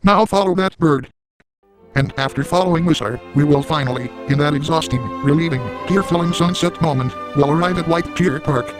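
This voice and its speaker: A man voicing a brash, crude man leading a group of animals, speaking in a flat, deadpan way. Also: on the high side, fairly quick, music in the background, natural voice, poor audio. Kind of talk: crude parody fan dub.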